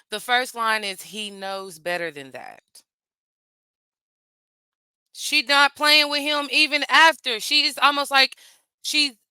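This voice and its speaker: A woman's voice: fairly high pitch, bright, forceful tone, smooth, no room sound. A middle-aged woman, a parent, talking casually as she reacts to a video, stressing points by saying them again and again. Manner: emphatic, repeats phrases for stress.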